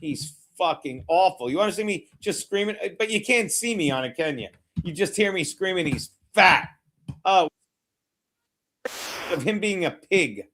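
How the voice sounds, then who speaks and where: A man's voice: sits high, animated, normal speed, a bit bright. A man live-streaming a game watchalong, swearing constantly, rambling and mocking viewers while fiddling with his browser. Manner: brash and mocking. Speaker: streamer hosting a betting watchalong. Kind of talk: live-stream commentary and chat.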